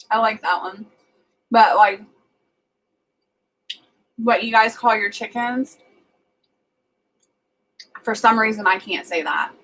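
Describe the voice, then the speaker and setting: A woman's voice: a little high, slow, pauses often, fairly bright tone, rough recording. A woman with a Southern US accent, casually chatting on a livestream and reading out viewer comments as she rambles along.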